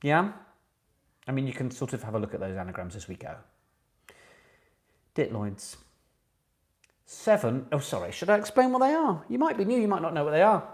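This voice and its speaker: A man's voice: on the high side, big pitch swings, moderate pace, pauses often. Chatty, self-mocking man hosting a quiz. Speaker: pub quiz host. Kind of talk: casual online quiz hosting.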